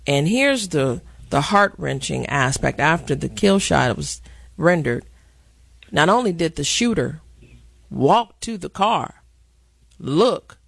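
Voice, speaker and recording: A man's voice: a little high, expressive, takes it slowly, gravelly, a bit bright, husky, no echo. A man hosting a news discussion, recounting events in an earnest, emphatic way.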